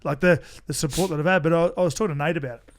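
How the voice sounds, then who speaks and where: A man's voice: fairly high pitch, very fast. An Australian man telling stories in casual chat, rambling with restarts and swearing. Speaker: podcast guest.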